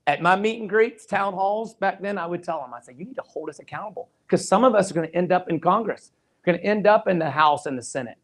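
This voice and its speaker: Man, slightly high voice, earnest campaign stump speech, emphatic and repetitive, retells conversations. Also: quick pace. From Georgia, USA. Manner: emphatic, with repeated phrases. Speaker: political candidate.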